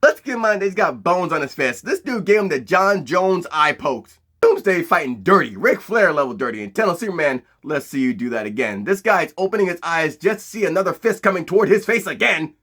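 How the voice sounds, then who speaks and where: A man telling a cartoon story as a comedic recap, in a slangy, profane, animated way. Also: high-pitched, a little fast, hardly any pauses.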